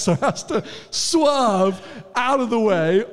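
A man co-hosting a live podcast, telling stories in an animated, joking way before an audience. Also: sits high, unhurried. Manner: excitable storyteller, animated and joking. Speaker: podcast co-host.

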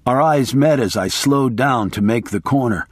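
A man's voice: medium pitch, moderate pace, no echo, clean studio sound. A man giving intense, sardonic first-person audiobook narration.

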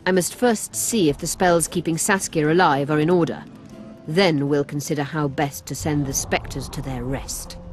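An actor playing a learned male healer mage who talks in a formal, measured, explanatory way in a fantasy video game. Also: fairly high pitch, soft background music, close to an everyday voice.

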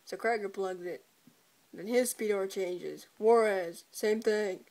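A woman's voice: medium pitch, takes it slowly, darkish tone. A woman giving a casual, joking episode recap, irreverent and giggly, swearing often and breaking into laughter. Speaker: video reviewer.

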